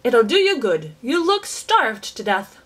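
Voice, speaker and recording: A woman voicing an eccentric, excitable male chocolatier in a storybook reading, exclaiming in a sing-song way. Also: a little high, unhurried, exaggerated voice. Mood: coaxing.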